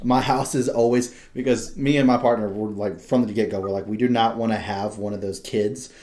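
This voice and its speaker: A man's voice: lowish voice, fairly even intonation, brisk, a little mellow. A young man hosting a podcast, chatting casually, laughing often and swearing freely. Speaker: podcast host. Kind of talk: casual chat.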